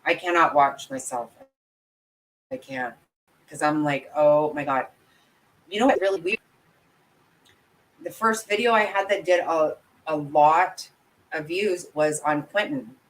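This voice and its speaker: A woman's voice: on the low side, a bit bright, poor audio. A woman hosting a casual livestream, chatting with viewers, laughing often and poking fun at herself. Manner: chatty, giggly, self-deprecating. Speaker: commentary channel host.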